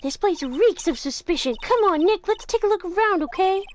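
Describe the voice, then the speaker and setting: A woman voicing a bubbly, excitable young female assistant, chirpy and eager. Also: very high-pitched, moderate pace, a little hiss or hum, pitched above the performer's own voice.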